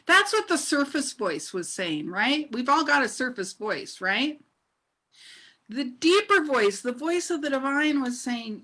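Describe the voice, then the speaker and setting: A middle-aged woman preaches a sermon in a bright, ringing voice that sits fairly high. She tells her story with energy and laughter, and she keeps turning to her listeners with questions. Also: unhurried. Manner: animated, laughing storyteller who asks the congregation questions. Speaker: minister.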